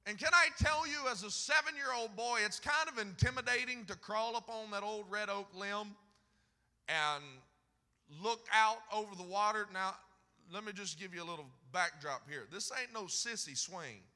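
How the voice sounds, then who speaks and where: Fervent Southern preacher in a hall. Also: male voice, sits high, normal speed. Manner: fervent, swells loud on scripture then drops to folksy storytelling. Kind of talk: sermon. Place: church sanctuary.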